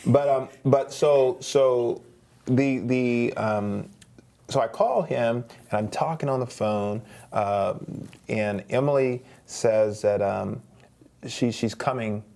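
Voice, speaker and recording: A man's voice: mid-range voice, slow, creaky, dark tone. A man, a guest singer, telling a long story in a studio interview, rambling, with many restarts and repeated words. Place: streaming studio.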